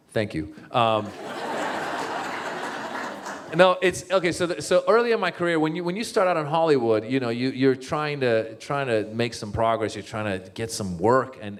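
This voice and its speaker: A man, a comedian and author, giving a comic talk to a live audience as an animated storyteller with many restarts. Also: mid-range voice.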